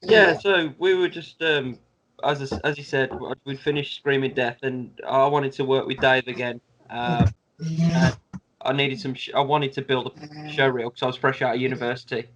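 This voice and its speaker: A man's voice: medium pitch, fairly even intonation, normal speed, noisy background. Stammering young man, dull call audio. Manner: stammering, eager. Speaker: actor. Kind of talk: casual video call chat. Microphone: video call.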